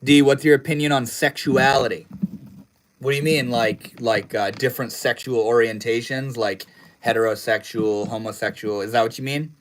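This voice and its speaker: Young male streamer, mid-pitched, casual and slangy, mumbles the ends of his sentences. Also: steady tone, normal speed, a little hiss or hum, low-quality recording. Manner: laid-back, slangy, trails off into low mumbles. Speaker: livestream host. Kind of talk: casual livestream chat, reading chat messages.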